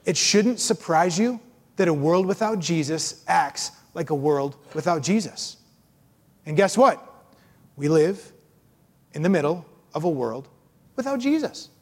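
Animated man preaching in a hall. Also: on the high side, measured pace, pauses often. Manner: animated, acts out complainers in mocking voices. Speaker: pastor. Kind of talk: sermon. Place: church.

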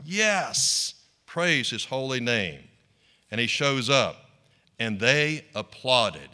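A male pastor preaching a sermon in an animated way, leading the congregation in call-and-response. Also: mid-range voice, takes it slowly.

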